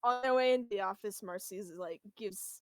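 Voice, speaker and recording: A woman player who slips in a quick, quiet description of her character at a tabletop game. She talks softly and fast. Her voice sits at a middle pitch and sounds dry. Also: dry recording.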